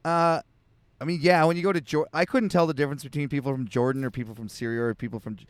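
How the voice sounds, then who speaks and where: A man's voice: on the high side, fairly even intonation, quick pace, clear, resonant tone, dry recording. A man co-hosting a casual comedic podcast, reading scripture aloud between loose tangents. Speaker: podcast co-host. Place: home podcast setup in Austin.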